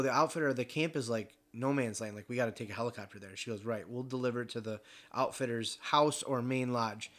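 A young man casually telling a travel story, animated, swearing and acting out the other people in it. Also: mid-range voice. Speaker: podcast regular telling a story.

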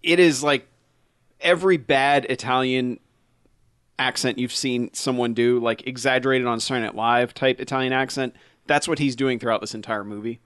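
A man co-hosting a casual chat, retelling a film's scenes with animated asides. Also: medium pitch, normal speed, clean tone, no room sound, clean studio sound. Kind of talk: casual movie-recap chat.

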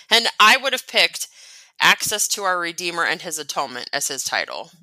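A young adult woman co-hosting a casual podcast chat about church talks. She laughs often and thinks out loud. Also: fairly low pitch, very animated, a little fast, no echo, poor audio. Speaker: podcast co-host.

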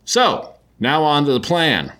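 A man's voice: fairly high pitch, sing-song, takes it slowly, a bit bright. A man casually recapping a story in a loose, chatty way, full of filler words. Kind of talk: casual comic book recap.

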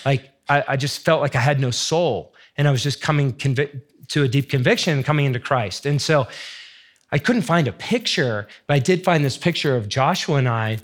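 A man's voice: mid-range voice, moderate pace. A middle-aged man giving a heartfelt teaching talk in an earnest, searching, emotional way. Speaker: faith teacher sharing testimony.

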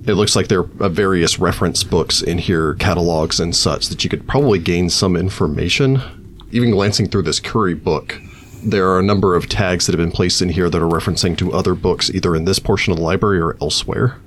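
A man with a very deep voice runs a tabletop game, laying out the scene in an easy, explanatory way. A faint background hiss sits under the recording. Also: a little fast. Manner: relaxed, explanatory, with fillers. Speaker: game master.

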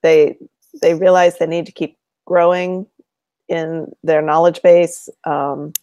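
A woman co-hosting a podcast, chiming in with measured, supportive comments. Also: low-pitched, little pitch movement, dark tone, dry recording. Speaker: podcast co-host. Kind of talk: casual chat.

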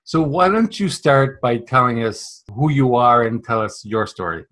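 A woman interviewer with a strikingly deep, low voice speaks hesitantly, pausing on fillers as she introduces her guest. She sounds set back from the microphone. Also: expressive, a bit bright. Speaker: interview host. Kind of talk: casual interview.

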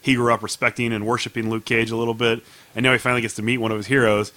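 Bright, quick man hosting a chat. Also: medium pitch, little pitch movement, dry recording. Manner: upbeat, steers the segment. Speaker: podcast host. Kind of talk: casual chat.

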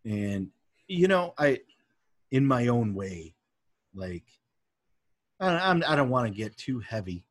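A man co-hosting a podcast, talking earnestly and haltingly in casual chat. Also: medium pitch, sing-song, no echo. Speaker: podcast co-host.

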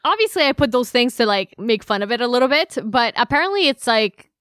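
A woman's voice: fairly high pitch, big pitch swings, brisk, a bit bright, clear, resonant tone, no echo, clean studio sound. Casual, swearing woman podcast co-host. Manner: swears casually, reads quotes with sarcasm. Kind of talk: casual chat.

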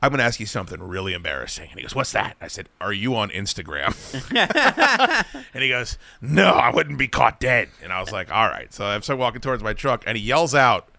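Bright-voiced, profane male podcast host. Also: mid-range voice, very animated, brisk, gravelly, dry recording. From Virginia. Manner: profane, rambling anecdotes with acted-out quotes. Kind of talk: casual comedic storytelling. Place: podcast studio.

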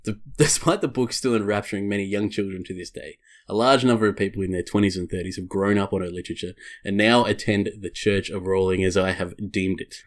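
A man's voice: low voice, quick pace. A man hosting a podcast, reading a prepared segment with wry asides and casual swearing. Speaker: podcast host.

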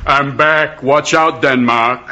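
A man's voice: medium pitch, fairly even intonation, slow pace, very noisy, voice pushed down, natural voice. A man voicing a macho action-star version of Hamlet, in a clipped, heavy delivery. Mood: deadpan.

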